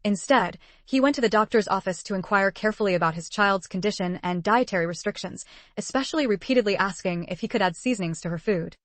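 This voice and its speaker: A woman reading a story aloud as narrator, in an even, steady scripted style. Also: medium pitch, fast talker, no echo.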